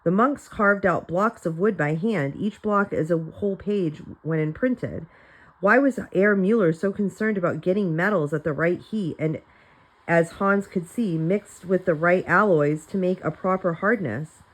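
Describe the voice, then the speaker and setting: Woman reader, slightly low voice, plain storytelling for a class. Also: measured pace, rough recording. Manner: plain storytelling with light character voices and small slips. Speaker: reader of a children's novel. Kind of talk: reading a chapter book aloud for students.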